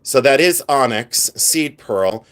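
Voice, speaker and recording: A middle-aged man from Ohio with an Ohio accent, a reseller chatting animatedly on a live stream while showing jewelry. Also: medium pitch. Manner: chatty, animated, quick asides and laughs. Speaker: jewelry reseller hosting a livestream. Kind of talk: live stream show-and-tell.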